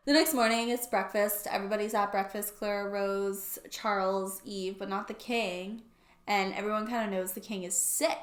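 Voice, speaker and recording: A woman's voice: medium pitch, steady tone, moderate pace, roomy sound. A young woman recapping a book plot in a casual, sarcastic way, using "like" constantly. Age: young adult. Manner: chatty and sarcastic, heavy use of "like". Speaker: book YouTuber.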